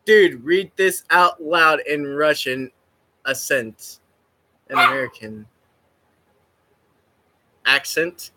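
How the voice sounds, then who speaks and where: High, bright-voiced rambling male streamer. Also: slow pace, long pauses. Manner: rambling and giggly, swears freely. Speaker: livestreamer. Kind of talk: casual stream chat.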